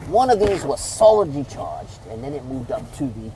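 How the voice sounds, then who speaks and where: A man's voice: medium pitch, big pitch swings, moderate pace, background noise. A man giving a casual hands-on product review, rambling loosely and talking to the viewer as he demonstrates.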